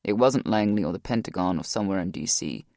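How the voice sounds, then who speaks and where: A man voicing a grieving former Navy SEAL, deep and gravelly, telling his past in a low, weary way. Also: animated, quick pace, a little mellow, dry recording, clean studio sound. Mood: guarded, weary.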